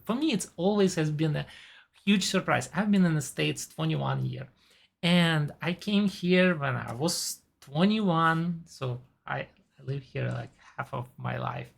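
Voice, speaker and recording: Low, gravelly woman with non-native English. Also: a little slow. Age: 40s. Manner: chatty, enthusiastic about actors. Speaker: TV and movie reviewer. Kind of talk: casual chat.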